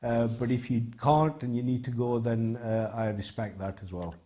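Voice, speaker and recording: A man's voice: medium pitch, steady tone, moderate pace, dark tone. A man from the United Kingdom hosting a TV talk show, reading out viewer texts in a polite, brief way. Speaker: host.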